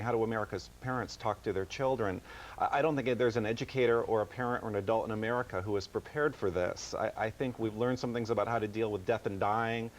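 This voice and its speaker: A man's voice: fairly low pitch, a little hiss or hum, rough recording. A man guesting on a TV news interview as an author, speaking earnestly with frequent stammered restarts. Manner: earnest, halting, many restarts.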